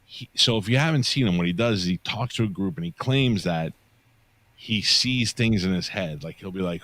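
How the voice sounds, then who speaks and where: A man co-hosting a podcast, telling a story in a casual, animated and profane way. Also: low voice, moderate pace. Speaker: podcast co-host.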